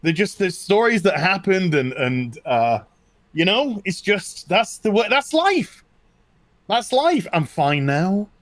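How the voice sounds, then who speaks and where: A man's voice: sits high, takes it slowly, dry recording. A middle-aged British man in casual chat, telling personal stories with lots of restarts and repetition. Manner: animated, repeats himself, tells stories. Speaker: co-host.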